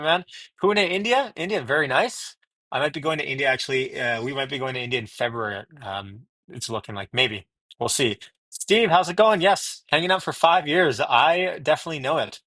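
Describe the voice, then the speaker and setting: A man's voice: fairly high pitch, a bit bright, dry recording. Chatty man hosting a live stream. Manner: chatty, greets viewers by name and place. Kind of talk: casual live stream chat. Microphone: wireless earbuds.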